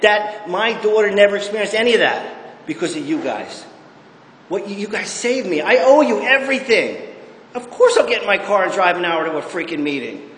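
A man's voice: sits high, fairly bright tone, a little hiss or hum. Blunt emphatic man in an echoey hall. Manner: emphatic, blunt and profane, keeps checking in with "okay?". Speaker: recovery meeting speaker. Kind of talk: personal recovery testimony. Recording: echoey hall with long reverb.

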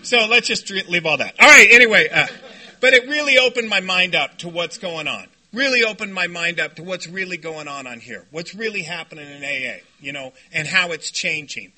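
A man speaking to a recovery meeting, telling stories in an animated, joking way and shouting when he acts out what others said. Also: high-pitched, fairly quick. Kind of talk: storytelling talk to a meeting. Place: meeting room before a group.

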